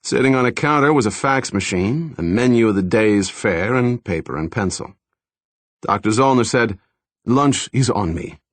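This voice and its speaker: A man's voice: mid-range voice, moderate pace, dry recording. A man narrating a first-person thriller audiobook in a dry, wry storytelling manner, close to a studio mic.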